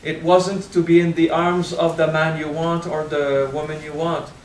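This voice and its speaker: A man's voice: fairly high pitch, reverberant, distant mic, a little hiss or hum, low-quality recording. French-accented man teaching a spiritual seminar. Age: 30s. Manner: frank and animated, swears casually, stresses words slowly. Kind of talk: seminar talk.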